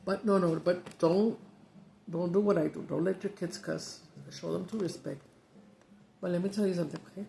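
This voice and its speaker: Chatty woman, gravelly voice. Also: lowish voice, steady tone, normal speed, dark tone, slight background noise, low-quality recording. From Mexican-American from the United States. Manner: chatty storyteller, switches between English and Spanish. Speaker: mukbang vlogger. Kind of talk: casual chat to camera.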